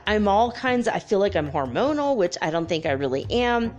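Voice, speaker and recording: A woman in her fifties hosting a casual spiritual chat show, telling stories in a chatty, animated way and laughing often. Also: mid-range voice, a little fast, muffled recording, faint music behind. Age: 50s. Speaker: host.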